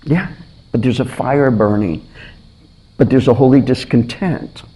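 A man's voice: medium pitch, unhurried, rough recording. A man preaching a sermon, telling stories with energy and acting out the lines of the people in them, often repeating his words. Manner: animated storytelling, acts out voices, repeats himself.

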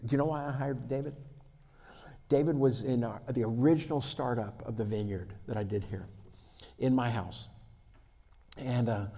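Male pastor, mid-pitched, sermon storyteller who builds to loud excitement; long hall reverb. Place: church hall.

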